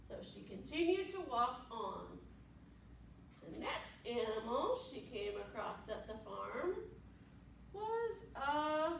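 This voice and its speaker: A woman's voice: on the high side, big pitch swings, slow, vocal fry, slight background noise. Sing-song woman reading to preschoolers. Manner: sing-song, asks the children questions. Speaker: children's librarian. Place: library room. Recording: roomy room, voice from a distance.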